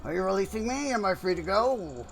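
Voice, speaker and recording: A man's voice: sits high, lively intonation, brisk, gravelly, a little hiss or hum. A man voicing a chatty, friendly male rock creature in a game, talking out of the side of his mouth.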